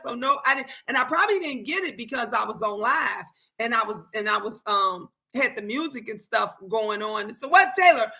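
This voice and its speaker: A middle-aged woman hosting a tarot live stream, chatting casually and answering viewers' comments in a lively way. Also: a little high, moderate pace.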